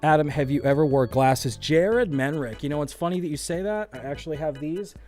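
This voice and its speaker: A man's voice: a little high, fairly quick, darkish tone, soft background music. Rambling, foul-mouthed male live-stream host. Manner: rambling, swears a lot, self-deprecating. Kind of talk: casual live-stream chat. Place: home studio with lights. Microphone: studio microphone.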